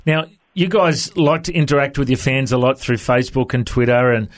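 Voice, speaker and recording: A male host interviewing a guest on Christian radio. He asks his questions in a friendly, affirming way, restarting phrases often as he goes. His voice sits at a middle pitch. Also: steady tone, brisk. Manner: warm-hearted, affirming, hesitant restarts.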